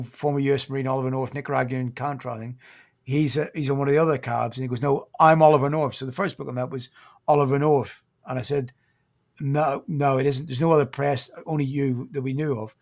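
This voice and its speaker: British man, 50s, ex-Royal Marine guest, halting, sombre, occasionally choked up. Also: medium pitch, vocal fry, darkish tone. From Britain. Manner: halting, restarts often, sombre recounting. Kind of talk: podcast interview storytelling.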